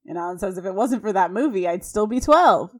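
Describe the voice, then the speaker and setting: Woman recapping a sitcom episode, chatty. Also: mid-range voice. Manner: animated, reads quotes aloud quickly. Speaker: podcast co-host. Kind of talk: casual recap chat.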